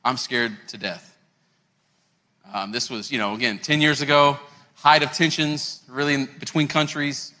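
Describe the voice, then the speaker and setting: A man's voice: a little high, fairly even intonation, normal speed, bright, forceful tone. A man in his thirties preaching a sermon as a pastor, telling a story in a conversational way and speaking straight to the congregation. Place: church sanctuary. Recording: long hall reverb with faint music.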